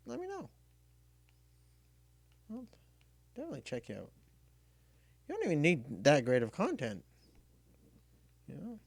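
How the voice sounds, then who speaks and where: A man's voice: on the high side, wildly swooping pitch, unhurried, creaky, long pauses, slightly rough, no room sound. A man streaming a game, telling a story in a rambling, casual way, full of restarts, close and dry on the mic. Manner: rambling, many restarts and fillers. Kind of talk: casual storytelling while gaming.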